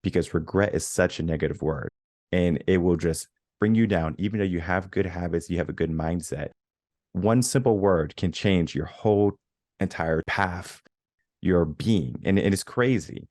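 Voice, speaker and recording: A man's voice: sits low, moderate pace, a little mellow, no echo, studio quality. A man speaking as a guest coach on a podcast, earnest and motivational in tone. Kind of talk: podcast conversation.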